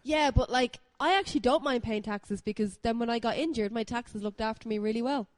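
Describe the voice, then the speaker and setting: Woman co-host, hoarse sick voice, self-deprecating, casual. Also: a little high, a little fast, no echo. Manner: self-mocking, laughs at herself. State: hoarse from illness. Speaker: podcast co-host. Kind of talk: casual chat.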